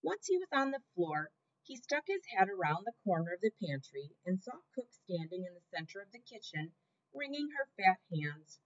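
A woman narrates a storybook chapter with a lively, expressive voice that rises and falls. Her reading is dramatic and attentive to each character. The audio sounds dull and lo-fi. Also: mid-range voice, moderate pace.

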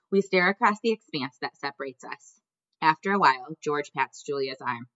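A woman narrating an audiobook in the first person, in a measured, gently expressive way. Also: a bass voice, dry recording, dull audio. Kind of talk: scripted narration.

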